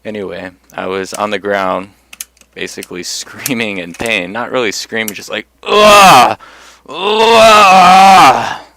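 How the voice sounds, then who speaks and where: A man's voice: on the low side, steady tone, moderate pace, gravelly, sharp tone. A young man telling personal stories in a casual monologue, blunt and profane, getting worked up as he goes. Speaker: vlogger.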